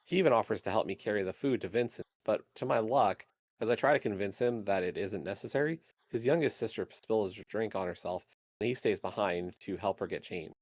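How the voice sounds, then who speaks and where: A man streaming a game, reading its narration aloud in a steady, even way. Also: fairly low pitch, a little fast, no room sound.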